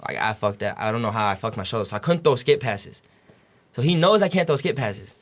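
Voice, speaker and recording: This podcast guest, a young college basketball player, talks fast with lively intonation in a medium-pitched voice. He rambles through stories in heavy slang, swears often and keeps dropping fillers like "you know what I'm saying".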